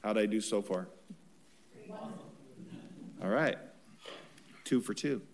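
A man's voice: on the low side, slow pace, vocal fry, slight background noise. A man chairing a city council meeting as mayor, casual and good-humored.

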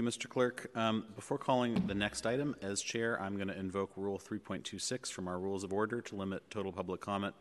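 A man chairing a public board meeting, speaking in a measured way with frequent ums and uhs, in a large chamber. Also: low voice, slight background noise. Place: legislative chamber in city hall. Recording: long reverb of a large chamber.

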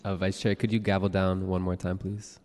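A man serving as clerk of a public board, calling the roll and reading procedural announcements in a steady, formal way. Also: sits low, brisk, noisy background. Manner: steady, formal, read-aloud delivery. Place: legislative chamber in a city hall. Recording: long reverb of a large hall.

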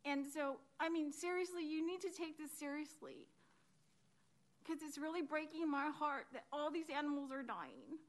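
A high-voiced woman speaks at a council meeting podium, close to crying. She pleads in a rambling, emotional way and keeps losing her composure. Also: moderate pace. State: near tears. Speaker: public commenter at a city council meeting. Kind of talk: emotional public comment. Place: council chamber.

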